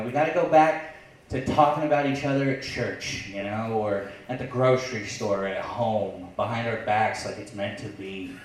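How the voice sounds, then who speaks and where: A man's voice: medium pitch, a little hiss or hum. A man doing a stand-up comedy set in a lounge, sarcastic and acting out online voices. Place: lounge stage before a live audience. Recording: very echoey, far from the mic.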